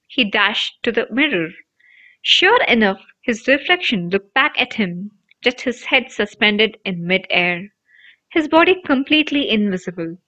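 A woman narrating an audiobook aloud in an expressive, animated storybook reading. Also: mid-range voice. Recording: dull lo-fi recording.

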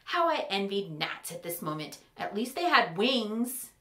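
A woman narrating a fantasy story in an animated, wry manner. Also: mid-range voice, measured pace, reverberant.

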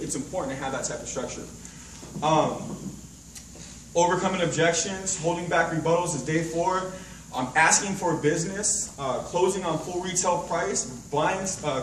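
A man's voice: a little high, noisy background. A man training a sales team at a meeting, casual and rambling, full of fillers and analogies, recorded from far off in an echoey hotel room.

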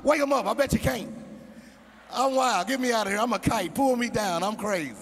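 A man's voice: very high voice, a little fast, fairly bright tone, slightly rough, voice pushed up, exaggerated voice. A man playing a flashy older ex-pimp turned faith healer who drawls and chants made-up healing words. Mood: showy, boastful.

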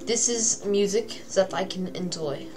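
A woman's voice: medium pitch, measured pace. A woman chatting playfully while playing a video game, humming along and teasing her friend.

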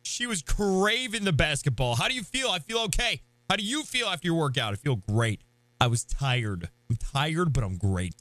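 A young man hosting a live game stream, hyped and playful, shouting greetings to his chat. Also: medium pitch, sing-song, normal speed, dry recording.

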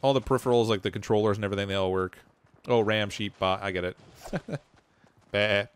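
A man's voice: on the low side, fairly quick, clean tone. A man from Canada giving casual, jokey commentary while streaming a shooter game. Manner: chatty, laughs often, jokey asides.

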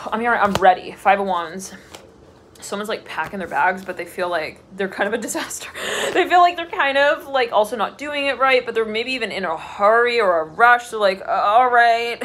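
A woman's voice: medium pitch, moderate pace, a bit bright. A woman giving a casual tarot reading, chatty and rambling, laughing often and filling her talk with loose asides. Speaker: tarot reader.

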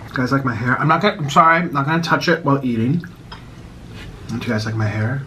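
A man's voice: mid-range voice, fast talker, pushed and bright, a little hiss or hum. An American man chatting casually while eating on camera, swinging into dramatic mock outrage and a little out of breath. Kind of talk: casual mukbang vlog chat.

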